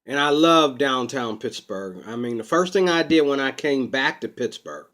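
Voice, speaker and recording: A man talking to camera in a rambling personal vlog, unscripted and full of drawn-out ums. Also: medium pitch, lively intonation, a bit bright. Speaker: vlogger. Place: Pittsburgh.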